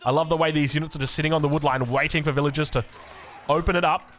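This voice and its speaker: An Australian man giving energetic, jokey commentary on a strategy game match. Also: a little high, racing, a little hiss or hum. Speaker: game caster. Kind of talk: excited esports commentary.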